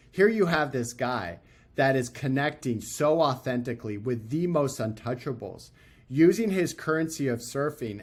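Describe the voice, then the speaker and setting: A man in the middle of a story, talking loosely with plenty of ums and restarts. He jumps into lively character voices when he quotes people, and his pitch sits at a typical middle level for a man. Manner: animated, acts out quoted voices. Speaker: podcast guest, author. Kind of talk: casual storytelling.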